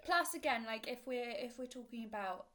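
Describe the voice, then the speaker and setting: A woman's voice: fairly high pitch, expressive, moderate pace, fairly bright tone. Chatty woman podcast co-host. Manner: chatty, rambling, lots of fillers and giggles. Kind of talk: casual chat.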